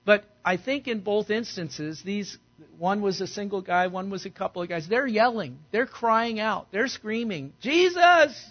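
High, gravelly-voiced male pastor preaching. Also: highs cut off. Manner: conversational, acts out quoted voices loudly. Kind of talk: sermon.

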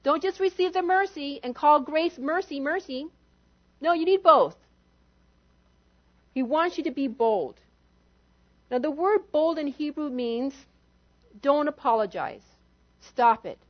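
Animated high-voiced woman pastor preaching. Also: a little slow, pauses often, dull audio. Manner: animated, acts out quotes with shifting volume. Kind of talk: sermon.

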